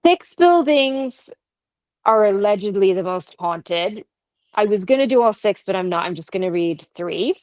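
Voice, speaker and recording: A woman's voice: medium pitch, animated, measured pace, a little mellow, dry recording, low-quality recording. A Canadian woman co-hosting a podcast, telling ghost stories in a casual, chatty way with laughs and asides. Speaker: podcast co-host. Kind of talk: casual chat, storytelling.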